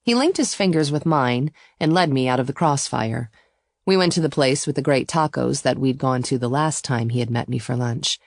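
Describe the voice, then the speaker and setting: A woman narrating a first-person romance audiobook in a steady, intimate storytelling voice. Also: very deep voice, normal speed, gravelly, no echo, studio quality.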